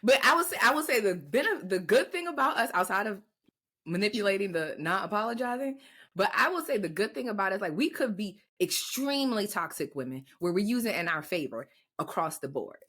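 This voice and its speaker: Young woman co-host, animated storyteller, bright and lively delivery, casual and profane. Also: medium pitch, a little fast, slightly rough. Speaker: podcast co-host. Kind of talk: casual chat.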